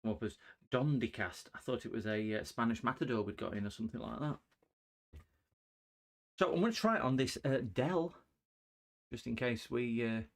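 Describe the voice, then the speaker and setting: A man with a lowish voice talks casually to his live-stream viewers. He rambles and jokes as he works, throwing puns at the chat. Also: gravelly. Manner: chatty, joking with chat viewers, punny. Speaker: livestream host repairing electronics.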